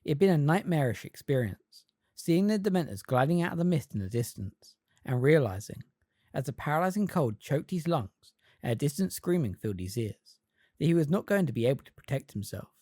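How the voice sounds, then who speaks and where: A fan reader narrating an audiobook with expressive storytelling. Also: mid-range voice, brisk, dry recording, clean studio sound. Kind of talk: scripted narration.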